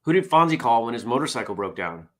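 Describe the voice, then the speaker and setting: A man's voice: medium pitch, big pitch swings, fast, fairly bright tone. A tired man hosting a casual morning show, reading jokes aloud in a wry, self-deprecating way. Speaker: host.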